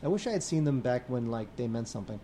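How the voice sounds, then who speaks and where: A man's voice: medium pitch, sing-song, fast talker, warm tone, slight background noise. A man co-hosting a podcast, chatting casually about home video releases, with frequent fillers and trailing sentences. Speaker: podcast co-host.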